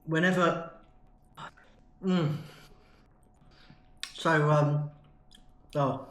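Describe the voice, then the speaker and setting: A man's voice: fairly high pitch, fairly even intonation, extremely slow, fairly bright tone, roomy sound. A man from the UK in a chatty, enthusiastic food review vlog. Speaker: food vlogger.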